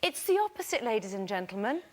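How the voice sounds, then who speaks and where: A woman guest telling a self-mocking anecdote on a TV chat show in an animated way. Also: a little high, quick pace. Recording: studio with audience noise.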